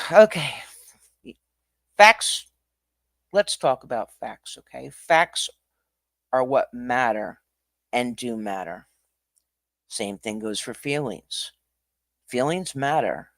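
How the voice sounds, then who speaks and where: A man hosting a livestream, talking casually in an animated, ranting way that swings from quiet to loud. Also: mid-range voice, slow, gravelly, long pauses, no room sound, clean studio sound. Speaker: livestream host.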